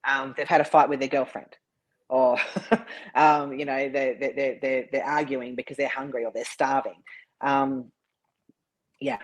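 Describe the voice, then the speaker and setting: A man's voice: medium pitch, level tone, a little slow, long pauses, poor audio. A man, a bodybuilder, talking as an interview guest. He tells his story earnestly and sometimes repeats words.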